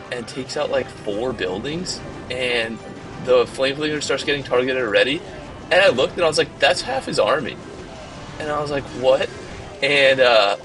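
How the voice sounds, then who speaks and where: Exasperated male game commentator, bright tone. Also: medium pitch, rough recording. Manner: casual storytelling, exasperated, many fillers. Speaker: game channel host. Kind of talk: gameplay commentary.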